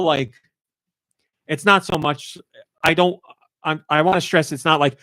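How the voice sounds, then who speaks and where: A man's voice: a little high, steady tone, a little slow, pauses often, pushed and bright, no echo, clean studio sound. A man co-hosting a podcast and talking about a game he reviewed in casual, rambling chat, full of "like" and restarts. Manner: rambling and effusive, heavy use of "like".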